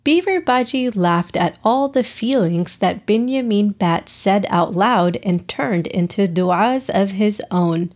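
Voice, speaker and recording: Slow, calm woman telling a children's story. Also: mid-range voice. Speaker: narrator. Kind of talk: scripted storybook narration.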